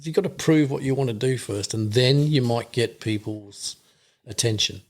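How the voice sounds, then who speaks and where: Man, Australian accent, middle-aged, earnest, rambling casual chat, mid-pitched. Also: normal speed. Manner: earnest, rambling, laughs easily. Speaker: podcast guest, veterans hunting program founder.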